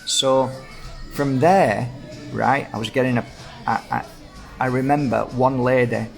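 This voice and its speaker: A man's voice: medium pitch, unhurried, gravelly, soft background music. A man in his fifties with a Yorkshire accent, casually rambling through anecdotes full of reported speech. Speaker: host. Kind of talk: casual storytelling chat.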